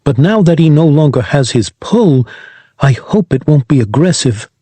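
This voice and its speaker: A cautious, even-voiced woman in an audiobook, lifted slightly higher, as a male narrator puts her on. Her delivery is steady and restrained, with a somewhat husky edge. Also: normal speed, dry recording. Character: calm woman, sister of an alien.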